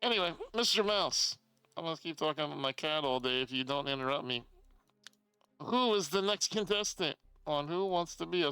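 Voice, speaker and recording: Chatty male streamer with a slightly high, very clear voice, reads chat aloud, swears freely; dry home setup. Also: pushed and bright, no echo, rough recording. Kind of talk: casual live-stream chat.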